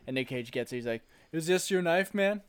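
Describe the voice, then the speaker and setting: A man's voice: fairly high pitch, lively intonation, fairly quick, clear, resonant tone. A man in casual chat recapping a film, laughing often, swearing freely and acting out lines of dialogue.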